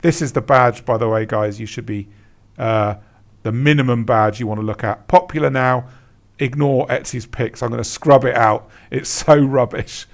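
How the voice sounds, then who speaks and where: With a medium-pitched voice full of vocal fry, a male Etsy consultant narrates a screen-share tutorial. He's emphatic and blunt, says words more than once, and laughs at bad examples.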